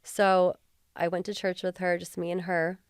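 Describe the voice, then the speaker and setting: A woman's voice: fairly low pitch, little pitch movement, moderate pace, clear, resonant tone, no echo. A woman guest on an interview podcast, speaking candidly in a heartfelt, earnest way with lots of casual fillers, recorded on a close podcast mic. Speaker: podcast guest, former police officer.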